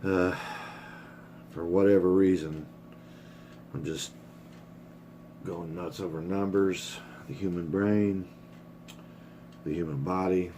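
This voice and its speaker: A man's voice: deep voice, fairly even intonation, slow, pauses often, mellow, slight background noise. A middle-aged man rambling candidly in a casual personal vlog, swearing freely and getting choked up. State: emotional, choked up. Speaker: vlogger.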